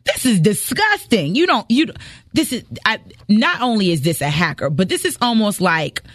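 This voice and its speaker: A woman's voice: mid-range voice, very animated, moderate pace, fairly bright tone, no echo, studio quality. A woman hosting a morning radio show, chatting casually and emphatically, exclaiming as she tells a story. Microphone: studio microphone.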